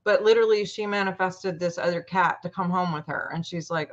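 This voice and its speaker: A woman's voice: on the low side, moderate pace. Chatty woman telling a story, lo-fi. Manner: chatty, animated retelling with quoted voices. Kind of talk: casual storytelling. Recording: muffled lo-fi audio.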